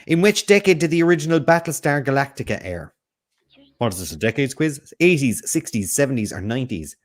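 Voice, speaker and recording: Chatty man hosting a quiz. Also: mid-range voice. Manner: chatty, reads questions and answer options, jokes and riffs. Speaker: quiz host. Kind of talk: casual quiz chat.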